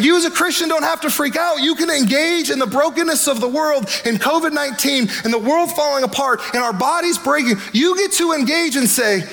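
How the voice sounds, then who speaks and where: A man pastor preaching a sermon in an energetic, conversational way, with acted asides. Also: very high-pitched, fairly quick, creaky.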